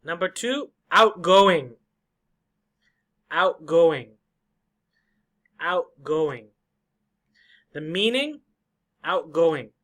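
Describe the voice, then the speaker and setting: A man teaching an English vocabulary lesson, slowly repeating and drilling each word for learners. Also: fairly high pitch, expressive, sharp tone. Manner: slow, repetitive drilling of words.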